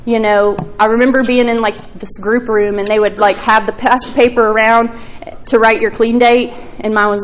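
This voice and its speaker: A woman's voice: mid-range voice, slight background noise, poor audio. A woman telling her recovery story at a meeting, candid and profane, with plenty of fillers. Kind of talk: personal testimony at a recovery meeting.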